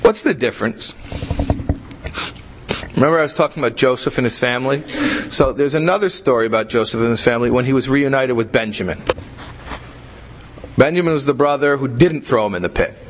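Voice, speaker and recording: A man's voice: mid-range voice, expressive, fairly quick, pauses often, slight background noise, poor audio. A man teaching a religious class in a conversational way, repeating himself and asking rhetorical questions. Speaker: Torah teacher.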